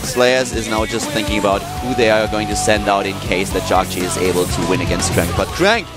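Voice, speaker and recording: A man's voice: fairly low pitch, a little fast. A man commentating live esports as a caster, enthusiastic and gushing about the play. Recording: broadcast booth with loud game music. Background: game music.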